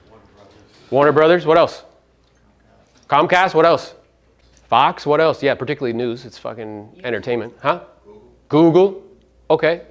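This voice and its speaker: A man's voice: fairly high pitch, moderate pace, long pauses, dull audio. A man giving a live motivational seminar talk to real estate agents, brash and profane, firing rhetorical questions at the audience.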